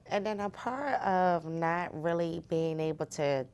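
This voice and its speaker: A young woman talking candidly as a guest in a low, soft-spoken voice. Her delivery is casual and sprinkled with fillers. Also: measured pace, a little hiss or hum. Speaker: interview guest. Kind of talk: candid personal conversation.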